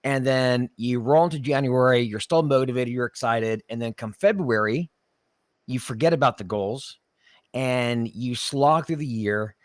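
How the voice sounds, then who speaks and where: A man's voice: medium pitch, unhurried, no room sound, studio quality. A man hosting a live-stream show, joking with his co-host and troubled by a recurring cough. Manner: chatty, restarts often, jokes and teases. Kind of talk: casual live-stream chat.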